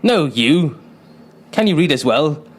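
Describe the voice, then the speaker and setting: In a comedy radio sketch, a man plays an anxious, uptight British client, talking in a flustered, self-conscious, fretful way. His voice is a little high and sing-song, slow-paced and exaggerated.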